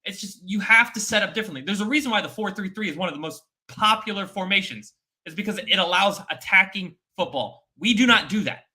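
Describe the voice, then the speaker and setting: A man's voice: high-pitched, animated, fast talker, bright, forceful tone. A man giving emphatic, opinionated football takes in a casual chat, repeating his points. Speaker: football fan pundit. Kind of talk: casual post-match chat.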